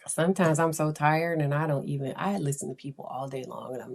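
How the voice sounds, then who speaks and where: Low-voiced chatty woman. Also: steady tone, moderate pace, few pauses, darkish tone. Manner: chatty, anecdotal, laughs often. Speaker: counselor and blog host. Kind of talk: casual podcast monologue.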